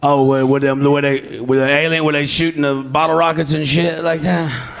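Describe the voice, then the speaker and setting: On a comedy club stage before a live audience, a man does an improvised, crude and rowdy stand-up set, laughing through his jokes into a handheld mic. His voice is fairly high-pitched, with flat delivery at a moderate pace.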